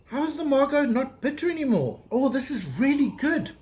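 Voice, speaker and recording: A woman's voice: high voice, expressive, a little fast, a little mellow. A woman co-hosting a cooking vlog, chatting casually and gushing with exclamations as she tastes each dish. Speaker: vlog co-host tasting the food. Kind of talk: casual food-tasting chat.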